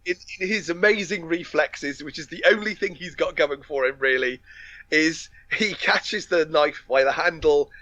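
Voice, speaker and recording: A man's voice: a little high, moderate pace, pushed and bright, no room sound. A man co-hosting a podcast, retelling a film plot in casual chat with lots of fillers, restarts and laughter. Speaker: podcast co-host.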